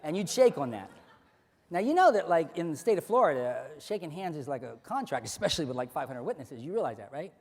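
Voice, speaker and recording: A man working as a stage hypnotist, giving rapid, repetitive suggestions and playfully commanding volunteers in front of an audience. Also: on the high side, sing-song, a little mellow. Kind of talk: live hypnosis stage show. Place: large hall before an audience. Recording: echoey hall, live stage.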